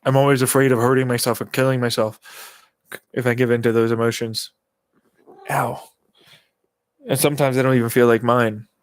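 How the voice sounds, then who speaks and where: A man talks straight into the camera in a loose, unscripted vlog monologue. He sounds agitated and profane, often repeating himself and looping back to the same complaints. His voice sits at a middle pitch, and the recording sounds dry, with no room echo. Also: little pitch movement, fairly quick, long pauses. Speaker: vlogger. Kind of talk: rambling personal monologue.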